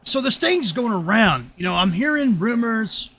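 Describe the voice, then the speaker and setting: A man hosting a casual roleplay podcast chat, telling stories with animated energy and bursts of shouting. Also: high-pitched, moderate pace, a crowd in the background. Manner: animated storyteller, shouts when excited. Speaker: podcast host.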